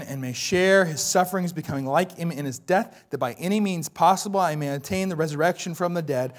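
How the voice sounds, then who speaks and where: Man, pastor preaching a sermon, high-pitched, voice turning hoarse, impassioned, swings soft to loud. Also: fairly quick, hardly any pauses. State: voice going hoarse.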